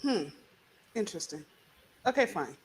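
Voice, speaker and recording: A woman's voice: mid-range voice, big pitch swings, moderate pace. A woman calling into a live stream, blunt and casual, swearing freely. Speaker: guest caller. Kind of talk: casual chat.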